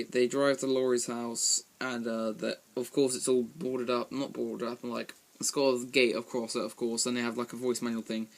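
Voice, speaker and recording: A man giving a casual spoken film review from a room at home, rambling with lots of ums and restarts. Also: medium pitch.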